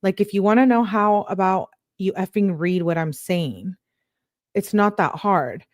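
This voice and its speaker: A woman reading out the texts of an irate, demanding teenage girlfriend with a heated, scolding delivery, a little higher and louder than her own voice. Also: a little slow, no room sound, studio quality, lightly acted. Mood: exasperated. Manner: heated, scolding read-aloud of text messages.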